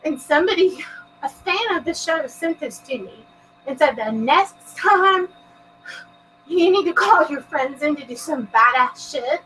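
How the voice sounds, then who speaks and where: A woman's voice: high voice, expressive, measured pace, a bit bright, recorded from a distance, a little hiss or hum, poor audio. A woman hosting a paranormal live stream, giggly and bubbly, who swears a lot and talks to her chat from home. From Texas. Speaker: paranormal show host.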